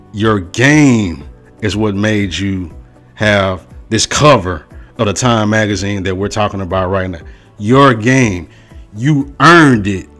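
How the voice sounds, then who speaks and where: A man hosting a sports opinion show, ranting to the camera in a casual, slangy, emphatic way, repeating his points. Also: fairly low pitch. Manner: emphatic, repetitive, slow and forceful on key phrases. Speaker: sports commentary host.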